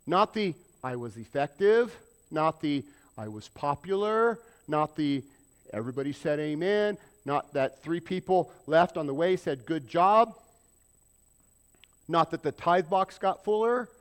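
Male preacher, sermon delivery, higher voice that swoops up and down, plays out quoted prayers. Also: measured pace, clear, resonant tone. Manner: animated preaching, acting out quoted prayers, joking with congregation. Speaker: pastor.

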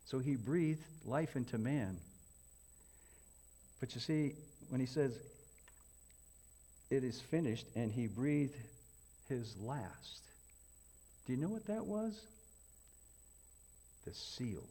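A man preaching a folksy sermon, swinging from loud emphatic questions to hushed, near-whispered lines. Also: medium pitch, animated, slow pace, pauses often. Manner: folksy, repetitive, addresses congregation as folks.

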